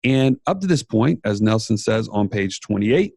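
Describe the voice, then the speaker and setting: A man with a Southern US accent co-hosting a podcast in a playful, upbeat way. His voice has a gravelly rasp to it. The sound is dry and close. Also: lowish voice, sing-song, moderate pace, darkish tone, no echo. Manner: playful, hypes listeners. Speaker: podcast co-host. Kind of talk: casual podcast chat.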